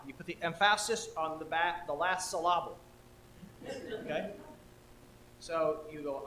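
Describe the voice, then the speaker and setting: A man's voice: a little high, a little slow, pauses often, bright, forceful tone, a little hiss or hum. Playful male minister in roomy sanctuary. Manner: playful, coaching the congregation. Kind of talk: leading a participatory poem in a service. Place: church sanctuary. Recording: roomy hall echo.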